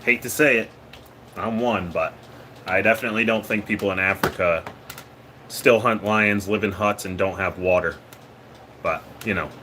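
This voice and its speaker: A Maine man hosts a laid-back livestream chat with viewers, joking and laughing a lot and letting his sentences trail off. His voice is lowish, pushed and bright, at a normal speed with long pauses, over slight background noise.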